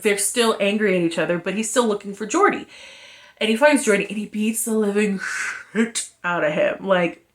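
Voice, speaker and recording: A woman chatting casually through a book review, animated, slangy and frank, acting out the characters' lines as she retells the plot. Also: medium pitch.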